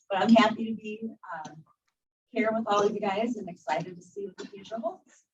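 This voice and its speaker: A woman introducing herself to a club, pausing often with ums and laughing now and then. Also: medium pitch, animated. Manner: hesitant, many ums, warm laughs. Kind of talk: casual self-introduction. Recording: distant muffled room recording, faint noise.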